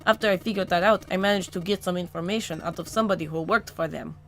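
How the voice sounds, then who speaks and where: A woman voicing a troubled grown man with lost memories, an ex-cop, reading a visual novel aloud in a halting, searching way. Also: fairly low pitch, a bit bright, slight background noise. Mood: explaining.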